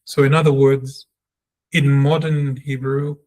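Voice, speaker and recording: A man talks through a language lesson at an unhurried pace. He reads example sentences and then explains them. He repeats single sounds several times so they can be practised. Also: mid-range voice, level tone, darkish tone. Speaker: Hebrew teacher. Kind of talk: slow spoken lesson, reading aloud and explaining.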